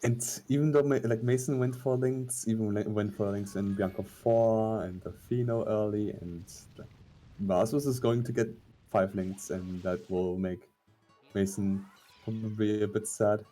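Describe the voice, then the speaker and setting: Low, dark-voiced male commentator with halting speech. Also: steady tone, soft background music. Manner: halting, analytical, many fillers. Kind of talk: live esports commentary.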